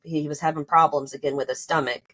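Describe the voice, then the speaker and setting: Speaking quickly in a low, slightly bright voice with fairly even intonation, this woman shares a personal story on a podcast. It's casual and animated, peppered with "like" and "you know," and she voices both sides of arguments as her tone rises.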